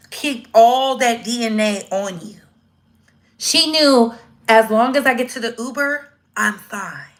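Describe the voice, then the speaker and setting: Here's a high-pitched woman doing casual commentary on a live stream; she's animated and slangy, and she puts on voices for the lines she quotes.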